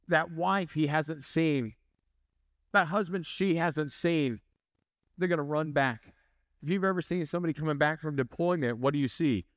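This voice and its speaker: A man's voice: fairly high pitch, normal speed, dry recording, studio quality. A man preaching a sermon in a conversational way, asking the congregation questions and joking. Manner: conversational, asks the audience questions, jokes. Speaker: pastor.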